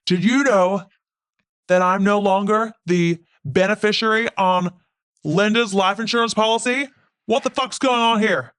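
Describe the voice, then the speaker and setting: A woman's voice: medium pitch, measured pace, a bit bright, smooth, voice pushed down, natural voice. A woman putting on a stuttering, exasperated American husband in a comedic podcast bit. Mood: stammering. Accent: put-on American. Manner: stammering, exasperated. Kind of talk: comedic podcast role-play.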